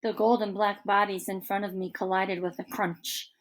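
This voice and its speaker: A woman narrating a children's book aloud in an expressive, lively storytelling manner. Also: mid-range voice, moderate pace. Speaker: audiobook narrator.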